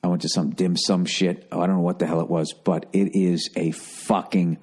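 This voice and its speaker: Middle-aged American man hosting a podcast, swearing and rambling through a comic story in a lively, animated way. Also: low voice, normal speed, breathy edge. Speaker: podcast host. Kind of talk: casual comedic storytelling.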